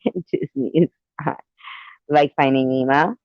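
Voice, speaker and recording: A man's voice: on the high side, measured pace, dry recording, highs cut off. A man chatting with viewers on a live stream, giggly and meandering, often trailing off. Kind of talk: casual rambling chat.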